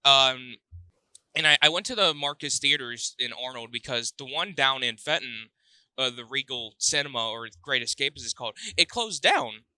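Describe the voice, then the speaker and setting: A young man from Missouri, a podcast guest, tells a rambling story in casual chat, often interrupting himself and restarting sentences. His medium-pitched voice is bright, forceful and smooth, at a normal speed with no echo.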